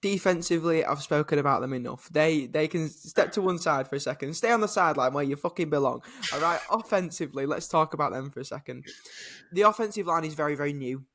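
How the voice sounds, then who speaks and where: A man's voice: on the high side, animated, quick pace, fairly bright tone. A British man co-hosting a sports podcast, ranting animatedly in casual chat and swearing now and then. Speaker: podcast co-host.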